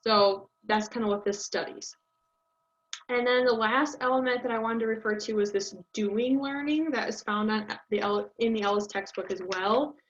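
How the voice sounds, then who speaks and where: A woman's voice: on the high side, moderate pace. A young woman giving a casual class presentation, thinking aloud with many ums. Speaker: student presenter. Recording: dull lo-fi audio.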